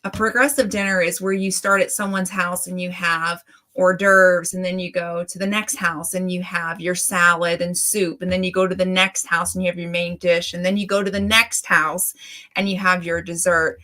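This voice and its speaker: Her delivery is flat and her tone sharp, with a fairly low pitch and moderate pace. This middle-aged woman hosts a relaxed livestream, chatting and greeting viewers by name.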